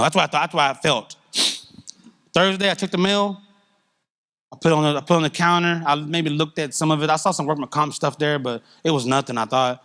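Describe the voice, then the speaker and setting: A middle-aged man giving a candid, conversational testimony at a church service, telling his story with animated feeling. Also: a little high, brisk.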